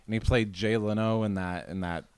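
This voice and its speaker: A man's voice: lowish voice, fairly even intonation, moderate pace, darkish tone, smooth, no echo. A man co-hosting a podcast in casual chat, crude and profane, often restarting his words. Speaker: podcast co-host.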